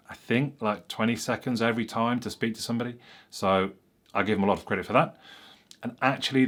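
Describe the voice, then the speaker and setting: A man, a tech reviewer casually telling a story to camera in a chatty, rambling way that often corrects itself. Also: on the low side.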